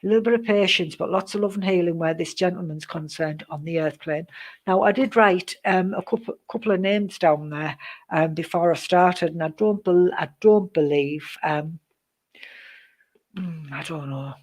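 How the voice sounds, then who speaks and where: A woman giving psychic readings on a live stream, chatty and rambling, greeting viewers by name, with many pauses and "um"s. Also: on the low side, a little mellow. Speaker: psychic reader.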